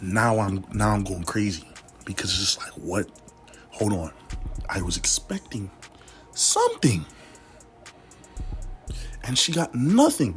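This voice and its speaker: A young man casually telling a story from his life, animated and full of slang. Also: slow pace, long pauses, faint music behind. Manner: animated, slangy, swoops up to high exclamations. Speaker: vlogger.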